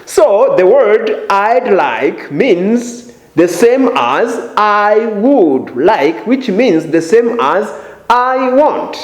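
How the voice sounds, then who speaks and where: A man giving an English lesson at an unhurried, careful pace. His fairly high voice swings widely up and down as he models intonation. The room around him sounds noticeably echoey. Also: a little mellow. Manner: exaggerated rising intonation on example phrases. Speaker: English teacher. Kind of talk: slow, deliberate language lesson. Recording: roomy echo.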